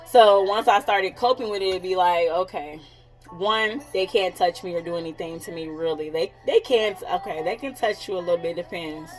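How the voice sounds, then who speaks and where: A woman in her thirties talks straight to camera as a psychic coach, in a slightly low voice. She is candid and blunt, swears freely and breaks into laughter often. Soft music plays faintly behind her. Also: moderate pace, low-quality recording. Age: 30s. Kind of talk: casual vlog talk.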